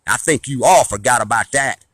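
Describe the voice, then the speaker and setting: A man's voice: medium pitch, normal speed, a bit bright, dry recording. A middle-aged man lectures his viewers in a blunt, preachy rant, often restarting and repeating phrases. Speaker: father and online commentator. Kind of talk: ranting monologue to viewers.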